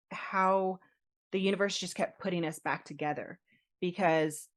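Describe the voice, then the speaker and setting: Animated woman telling a story, lowish voice. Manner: animated, laughs often, acts out quotes. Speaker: podcast co-host telling her proposal story. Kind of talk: casual storytelling chat.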